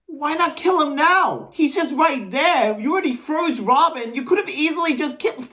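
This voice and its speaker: A woman reviewing a film in comedic rants, exasperated and bursting into shouted tirades. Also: high-pitched, expressive, moderate pace, few pauses.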